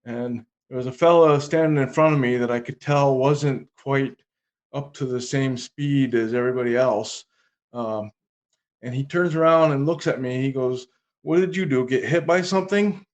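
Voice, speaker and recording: A man as a podcast guest, telling anecdotes in a relaxed conversation with dry comic timing. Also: medium pitch, normal speed. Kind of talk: casual interview storytelling.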